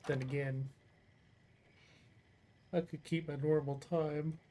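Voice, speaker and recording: A man's voice: on the high side, level tone, takes it slowly, dark tone, slight background noise. A young man streaming a game, chatting casually, rambling, and swearing freely. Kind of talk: casual chat while gaming.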